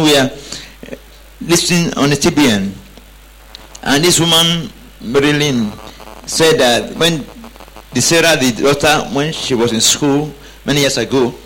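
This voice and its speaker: A man's voice: fairly high pitch, a bit bright, poor audio. A man preaching a sermon emphatically, prompting the congregation to repeat after him. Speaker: pastor.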